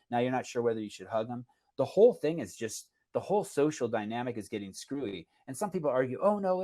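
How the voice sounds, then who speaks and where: A man hosting a casual podcast, telling a story in a rambling, animated way with many restarts. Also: mid-range voice. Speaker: podcast host.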